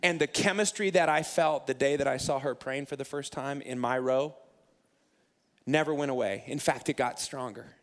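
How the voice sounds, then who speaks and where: A man in his thirties, a pastor telling a personal story in a sermon, animated and self-mocking, acting out his own past lines. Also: mid-range voice, moderate pace.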